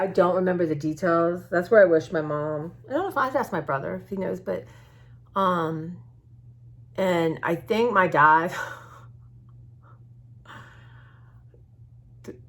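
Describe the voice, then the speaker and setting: A woman's voice: low-pitched, creaky, fairly bright tone, breathy edge. A woman vlogging about her art journaling, chatting to her viewers in a rambling, open-hearted way, with many restarts. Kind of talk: casual chat to viewers. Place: at home.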